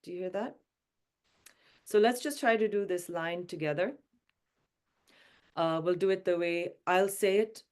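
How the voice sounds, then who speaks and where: Woman chant teacher, low-ish smooth voice, unhurried, patient explanations. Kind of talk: teaching chant pronunciation and notes.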